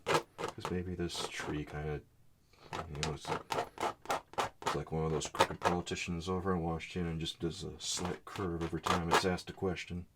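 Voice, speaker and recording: A man giving a soft-spoken oil painting lesson, muttering asides as he works. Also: low voice, flat delivery, moderate pace, very noisy. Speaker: art teacher.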